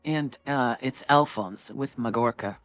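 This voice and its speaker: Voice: medium pitch, a little slow, dry recording, studio quality, faint music behind. A game master narrating a tabletop game in a rambling way, with many fillers.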